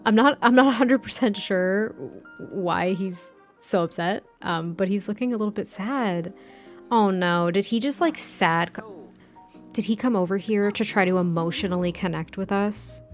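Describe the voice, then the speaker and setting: A woman hosting a gameplay video, chatting casually and giggling as she narrates what her characters are thinking. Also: medium pitch. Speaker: let's play host.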